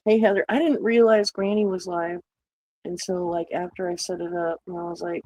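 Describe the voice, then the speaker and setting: A woman's voice: lowish voice, level tone, moderate pace, darkish tone, slight background noise, rough recording. A woman streaming live, chatting casually with viewers, greeting them by name, joking sarcastically and laughing at her own jokes. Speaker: livestreamer. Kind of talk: casual livestream chat.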